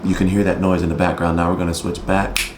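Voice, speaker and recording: A man's voice: low-pitched, flat delivery, fast talker, noisy background. A man casually walking through a product demo in his home studio, explaining settings with frequent ums and restarts. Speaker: tech reviewer. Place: home studio with computer fans nearby. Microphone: dynamic USB/XLR desk mic, switching to camera shotgun mic.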